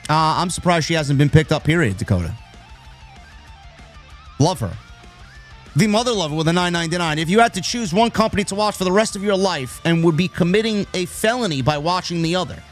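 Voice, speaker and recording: A fairly high, expressive voice moves at a brisk pace as a New Yorker hosts a wrestling live stream, soft music behind him. He chats and rambles, restarting often and reading viewer messages out loud.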